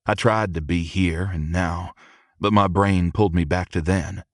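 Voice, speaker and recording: A man narrating a first-person audiobook in a measured, steady reading. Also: low voice, dry recording, clean studio sound.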